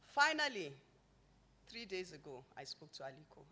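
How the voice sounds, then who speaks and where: A woman with a somewhat low voice addresses an event audience from a podium microphone. She tells humorous personal anecdotes within a formal launch speech, delivering them emphatically and with lively energy. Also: moderate pace. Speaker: company founder giving a launch speech. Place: event venue before an audience.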